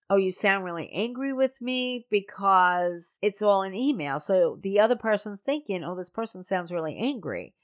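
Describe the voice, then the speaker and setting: A woman hosting a podcast, telling a personal story in a blunt, sardonic, animated way. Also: fairly low pitch, dull audio. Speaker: podcast host.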